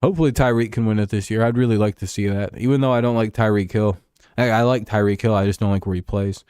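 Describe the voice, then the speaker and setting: A man's voice: on the low side, fairly even intonation, quick pace, darkish tone, clean tone, no room sound, clean studio sound. A man chatting casually on a livestream about sports, rambling, swearing and chuckling as he answers his chat. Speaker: streamer.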